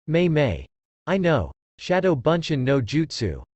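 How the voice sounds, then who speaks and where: A man's voice: a little high, huge pitch swings, a little slow, darkish tone, no room sound, muffled recording, heavily acted. A man voicing a confident young ninja who talks bluntly and matter-of-factly. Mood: steady.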